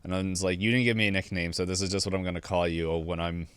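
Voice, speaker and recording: Smooth-voiced man rambling casually. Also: low voice, fairly even intonation, fast, fairly bright tone, dry recording. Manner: rambling, laughs often. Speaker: podcast co-host. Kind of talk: casual chat.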